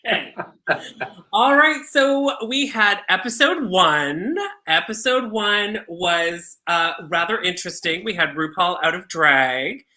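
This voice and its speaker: A woman's voice: fairly low pitch, lively intonation, slow pace, sharp tone. A woman co-hosting a live drag race recap show in casual chat, bubbly and gushing.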